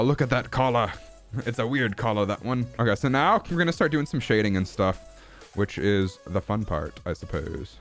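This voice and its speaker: A man casually talking through his digital drawing as he streams, goofy and playful, in a put-on accent, with faint music behind. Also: on the low side. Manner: goofy and playful, silly sound words and mock grandeur. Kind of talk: casual live-stream commentary while drawing.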